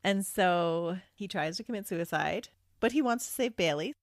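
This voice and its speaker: A woman's voice: fairly low pitch, animated, normal speed, no room sound, clean studio sound. A woman co-hosting a true crime podcast who reacts to the story, asks questions, and drops quips. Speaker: podcast co-host.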